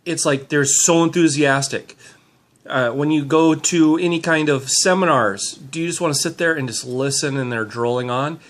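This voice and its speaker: A man's voice: fairly high pitch, normal speed, fairly bright tone. A middle-aged man filming himself on a handheld camera, giving an upbeat, rambling motivational talk with many fillers. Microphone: handheld camera mic.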